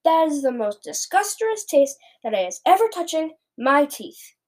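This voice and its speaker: Woman voicing a greedy man-eating giant, loud, sneering, bullying, fairly high voice, storybook reading. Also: moderate pace, natural voice. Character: huge brutish man-eating male giant, greedy and rude.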